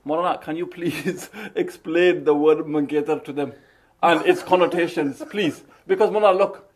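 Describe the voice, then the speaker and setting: A man with a high voice hosts a podcast. He talks in a scornful, teasing way and stresses his words. His commentary is mocking. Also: fairly even intonation, normal speed. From England. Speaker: host.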